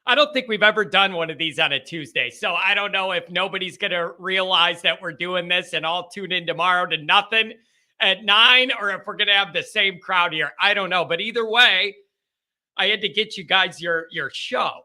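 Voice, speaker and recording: A man's voice: high-pitched, moderate pace, bright, forceful tone. A man hosting a casual call-in sports show, chatting in a rambling, loose way with the odd mild curse. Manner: rambling, chatty, mildly profane. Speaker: sports talk show host.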